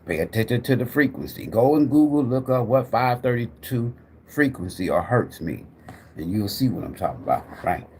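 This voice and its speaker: Middle-aged male livestream host, preachy and profane, very lively intonation. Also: medium pitch, normal speed, slight background noise. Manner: animated, profane, preacher-like, addresses viewers directly. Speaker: tarot reader and livestream host. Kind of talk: rambling preachy livestream talk.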